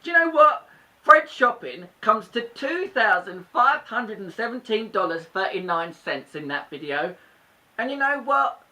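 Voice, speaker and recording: A cheeky purple puppet, put on by a performer, all crude jokes and mockery. The voice is bright and bouncy, rising and falling a lot. It sits a little away from the mic. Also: female voice, a little high, very animated, unhurried, distant mic, full character voice. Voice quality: brash, mocking, crude jokes. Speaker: guest co-host. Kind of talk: comedic puppet banter.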